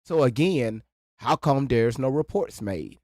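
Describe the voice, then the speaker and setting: A man hosts a live stream in a loose, blunt way, loud and quick to swear. His voice sits in a middle register and sounds dry and close, with no room around it. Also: medium pitch, expressive, no room sound. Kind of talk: casual live stream chat.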